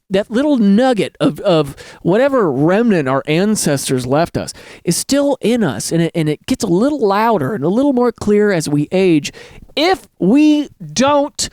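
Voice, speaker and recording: A man hosts a podcast and riffs through a story in a loose, rambling, joking way. His voice sits high and swings widely up and down. The sound is dry, with no room echo. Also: a little mellow. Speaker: podcast host. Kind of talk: casual comedic storytelling.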